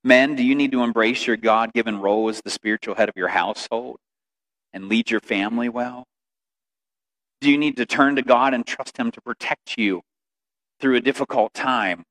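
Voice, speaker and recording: A man preaching a sermon as pastor, telling stories and building to loud, emotional quoted lines. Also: medium pitch, normal speed.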